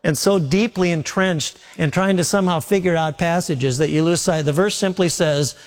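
A man's voice: a little high, moderate pace. A male pastor preaching a sermon in a folksy, repetitive way, telling homely stories. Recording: long reverb of a large hall.

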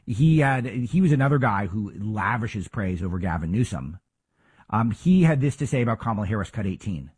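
A man's voice: on the low side, sing-song, a little fast, darkish tone, slightly rough. A man hosting a talk show, giving emphatic, argumentative political commentary full of rhetorical questions.

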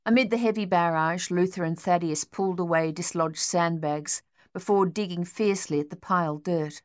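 A woman with a lowish voice narrates an audiobook in a steady, measured way. The sound is close and completely dry, as in a treated studio booth. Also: no room sound.

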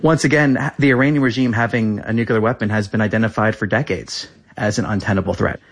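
A man in his thirties answers as a government spokesperson, returning again and again to the same talking points. He talks quickly and insistently in a fairly low voice. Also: steady tone. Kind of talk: press interview answers.

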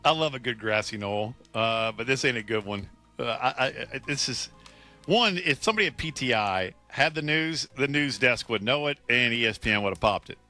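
Bright-voiced male sports radio co-host. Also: medium pitch, expressive, fairly quick, faint music behind. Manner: loose, joking, repeats words when starting. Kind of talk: casual sports radio talk.

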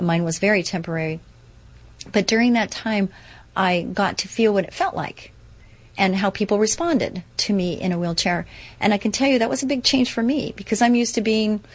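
Earnest chatty woman telling her story. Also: mid-range voice. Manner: upbeat, earnest, chatty with many fillers and restarts. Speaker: speaker sharing a personal story. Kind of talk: casual personal testimony.

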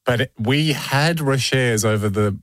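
A man's voice: mid-range voice, a little slow, dry recording. A man co-hosting a podcast, telling a story in casual chat and laughing often. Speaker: podcast co-host.

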